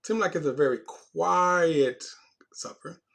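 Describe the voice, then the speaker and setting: Man, Bible teacher, conversational, restarts phrases, stresses key words, slightly high voice. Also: takes it slowly, gravelly, a bit bright. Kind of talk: informal Bible class teaching.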